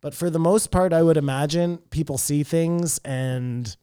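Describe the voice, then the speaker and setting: Mellow-voiced man rambling in casual chat. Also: on the high side, measured pace, smooth, no echo, clean studio sound. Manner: rambling, trails off and restarts mid-thought. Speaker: podcast co-host.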